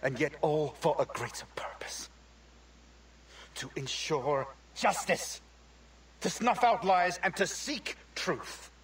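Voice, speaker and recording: A man's voice: a little high, sing-song, takes it slowly, fairly bright tone, distant mic, slight background noise, heavily acted. An actor playing a dying governor, proud and scornful as he defends his cause in a video game cutscene.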